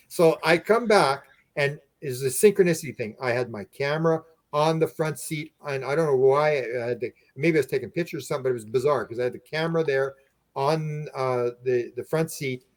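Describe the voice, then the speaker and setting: A man guest on a podcast, telling a story in a casual, animated way, halting and restarting often, and raising his voice to act out what others said. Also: mid-range voice. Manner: animated, acts out quoted speech with raised voice; halting, frequent restarts and repeated words. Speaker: podcast guest, UFO researcher.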